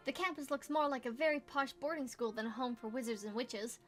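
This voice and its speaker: A young woman reading a visual novel aloud as a gamer, playful, with quick asides and exclamations. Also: high voice, faint music behind. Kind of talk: casual let's play reading with asides.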